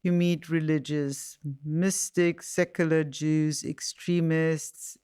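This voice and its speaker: Smooth-voiced, brisk woman host from Iran. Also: sits low, flat delivery, mellow, no room sound, studio quality. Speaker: podcast host. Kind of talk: interview conversation.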